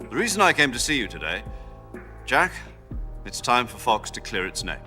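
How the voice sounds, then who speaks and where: An actor playing a veteran commander speaking in a dry, understated, wry manner over game cutscene music. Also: male voice, medium pitch, big pitch swings, moderate pace, bright, forceful tone. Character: wry veteran male commander visiting a patient.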